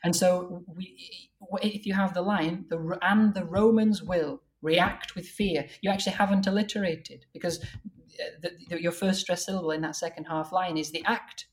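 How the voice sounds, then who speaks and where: A woman with a somewhat low voice talks through the craft of translating old verse. Her explanations are careful and thorough, and she slows right down to read poetry aloud. It sounds like an academic conversation. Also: steady tone. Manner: careful and explanatory, reads verse lines slowly and deliberately.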